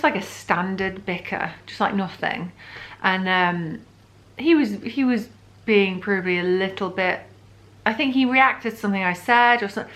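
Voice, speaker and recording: A woman's voice: mid-range voice, a bit bright. A woman in her thirties from the UK, talking through a casual pregnancy update vlog in a rambling, chatty way with lots of fillers and restarts. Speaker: vlogger.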